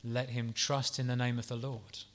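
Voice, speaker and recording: A man preaching a sermon in an earnest, gentle, pastoral way, with soft asides and the odd restart. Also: mid-range voice, flat delivery, normal speed.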